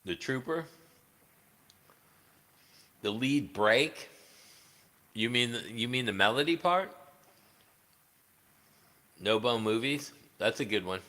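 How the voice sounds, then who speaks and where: A man's voice: medium pitch, lively intonation, slow, long pauses, sharp tone, in a large hall. A man chatting casually on a livestream, rambling and swearing, with many fillers. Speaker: livestreaming guitarist.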